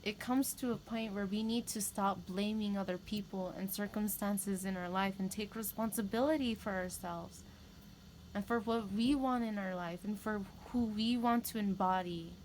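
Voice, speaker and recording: A woman tarot reader talks openly to her viewers in a casual, rambling way, sometimes repeating herself for emphasis. Her voice sits at an ordinary middle pitch. A faint noise stays under the recording. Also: steady tone, moderate pace, a little mellow, rough recording. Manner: candid, rambling, with emphatic repetition. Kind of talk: casual spiritual talk to camera.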